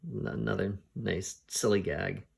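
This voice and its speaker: A man with a low, gravelly voice talks through a story at an easy, unhurried pace. He pauses often as he thinks aloud, and his tone stays husky throughout. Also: steady tone, darkish tone. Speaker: podcast host reviewing comics. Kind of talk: casual spoken retelling of a story.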